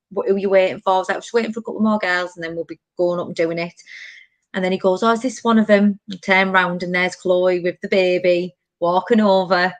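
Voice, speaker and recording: A woman's voice: fairly low pitch, dry recording. Chatty woman, dry sound. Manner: animated storytelling, many fillers. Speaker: podcast host. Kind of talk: casual chat.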